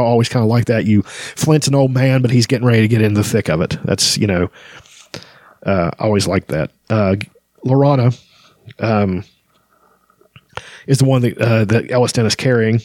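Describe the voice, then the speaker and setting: A man with a fairly low voice talks casually about a fantasy novel he is reading. He fills gaps with "um" and "you know" often. The sound is dry and close. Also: normal speed, pauses often, a little mellow, no echo. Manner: conversational, frequent filler words. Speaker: book reviewer. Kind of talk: casual book discussion.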